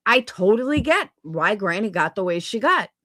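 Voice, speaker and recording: A woman's voice: medium pitch, very animated, normal speed, sharp tone, dry recording. A woman streamer venting in an angry, profane rant on a livestream. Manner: heated, profane, repetitive venting. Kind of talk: angry ranting livestream commentary.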